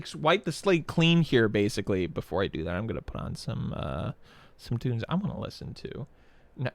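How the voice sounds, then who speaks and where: A man's voice: mid-range voice, no room sound. Rambling, swearing male streamer, dry sound. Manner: rambling, profane, many "like" fillers. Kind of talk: casual chat while setting up a game stream.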